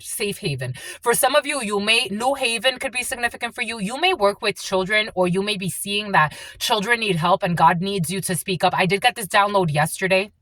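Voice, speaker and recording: A woman's voice: medium pitch, a bit bright, dry recording. A woman giving a casual psychic reading to her viewers, rambling and full of "like" and "uh" fillers. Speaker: spiritual channeler.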